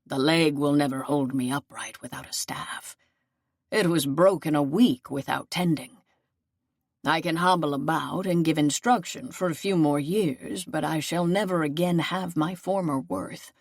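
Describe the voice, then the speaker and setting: Woman voicing an old wounded seneschal, low, solemn and fatherly, for an audiobook, dry recording. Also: a little slow, no echo. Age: older. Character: aging wounded male seneschal, gentle and loyal.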